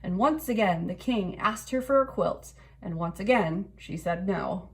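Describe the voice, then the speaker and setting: A woman reading a children's picture book aloud in an expressive storytelling way. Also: medium pitch, measured pace. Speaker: storybook reader.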